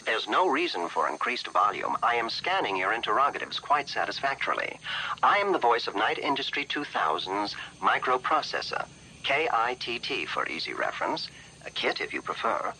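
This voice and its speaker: A poised, crisp-toned talking car computer. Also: male voice, medium pitch, sing-song, moderate pace, pushed and bright, slight background noise, exaggerated voice, poor audio. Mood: composed. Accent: mid-Atlantic. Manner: precise, unflappable, formal diction. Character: calm, refined male talking car computer. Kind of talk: 1980s TV series acting.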